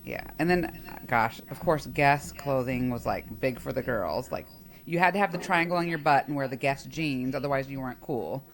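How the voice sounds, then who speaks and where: A woman's voice: a bass voice, expressive, moderate pace, a crowd in the background. A woman co-hosting a podcast, chatting in a rambling way with lots of fillers. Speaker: podcast co-host. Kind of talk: casual chat.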